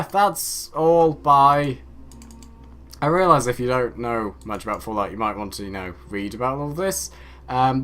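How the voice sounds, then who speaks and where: A man rambles through a casual gameplay commentary, joking and tossing off the game's dialogue in an offhand tone. His voice is bright and forward, sitting at an ordinary pitch for a man. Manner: rambling, jokey, reads game dialogue aloud offhandedly. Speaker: let's play host.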